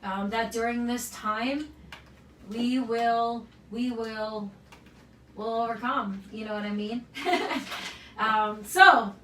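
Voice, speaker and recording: An earnest woman gym owner delivers a heartfelt motivational address at an unhurried pace. Her voice sits high, and she often checks in with "right?". She is picked up from a distance in a roomy, echoing space. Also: steady tone, a little hiss or hum. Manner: earnest, emotional, repeats "right?".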